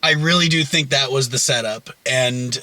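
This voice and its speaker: Hesitant male co-reviewer, bright tone, dry close recording. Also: medium pitch, moderate pace, no room sound. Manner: agreeable, laughs often, hesitant restarts. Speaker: movie reviewer co-host. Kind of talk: casual review chat.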